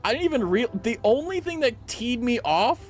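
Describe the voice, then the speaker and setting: A man's voice: very high voice, sing-song, moderate pace, faint music behind. A young man streaming a game at home on a dynamic mic, chatting casually in a rambling, filler-heavy, giggly way. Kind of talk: casual gaming stream chat. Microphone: studio dynamic mic.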